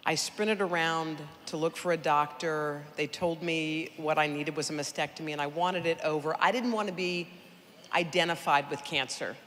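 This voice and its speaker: A middle-aged woman gives a lively, conversational speech about her own life, turning to the audience as she goes. Her voice rings out through a large hall with a long echo. A faint background hum sits under her words. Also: deep voice, moderate pace. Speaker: guest speaker at a charity gala. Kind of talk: personal storytelling speech.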